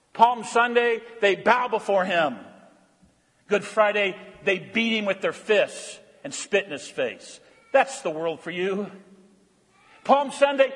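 A man preaching a sermon in a church, swinging between loud proclamations and hushed, intense passages. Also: high voice, breathy edge. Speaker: pastor. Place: church sanctuary. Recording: long church hall reverb.

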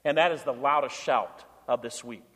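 A man's voice: mid-range voice, moderate pace, fairly bright tone. A male pastor preaching a sermon with repeated chanted contrasts, rising to proclaim his points, recorded in a church sanctuary. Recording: long reverb of a church hall.

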